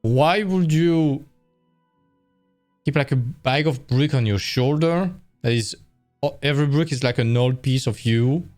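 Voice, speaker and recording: Brief: tired male art-stream host, mid-pitched voice, loose rambling chat, faint music behind. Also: a little slow, a little mellow. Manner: rambling, self-correcting, conversational. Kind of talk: casual live-stream talk.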